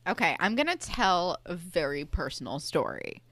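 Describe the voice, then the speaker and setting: Lower-voiced woman, lively pitch. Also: normal speed, no echo. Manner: opinionated and chatty, with a lot of filler. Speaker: podcast co-host. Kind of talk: casual chat recapping a TV episode.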